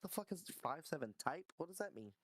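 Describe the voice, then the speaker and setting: Profane, high man in dry sound. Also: big pitch swings, brisk, dry recording. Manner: profane, joking, offhand. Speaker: podcast co-host. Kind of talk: casual chat.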